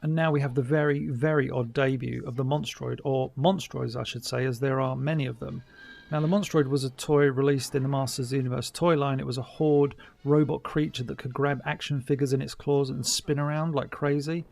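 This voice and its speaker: A man's voice: medium pitch, fairly even intonation, fairly quick, gravelly, darkish tone. A middle-aged man giving a casual, chatty commentary over an old cartoon, wry and mock-dismissive. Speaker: commentary host.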